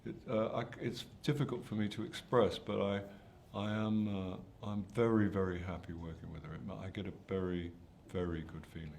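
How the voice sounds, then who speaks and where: A man's voice: low-pitched, steady tone, normal speed, gravelly, few pauses, darkish tone, a little hiss or hum. An older man, an actor answering interview questions in a hesitant, self-deprecating way with many restarts. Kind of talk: press junket interview.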